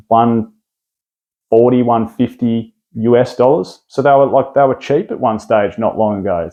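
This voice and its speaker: A man's voice: medium pitch, mellow. A man with an Australian accent giving a casual, rambling rundown of collectible card products, full of restarts and fillers. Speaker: card collecting video host.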